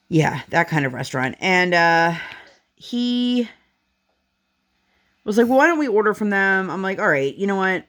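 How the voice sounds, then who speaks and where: A woman's voice: lowish voice, a bit bright. A young woman chatting casually while she works on a craft at home, telling a family story with lots of "like.". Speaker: crafting vlogger.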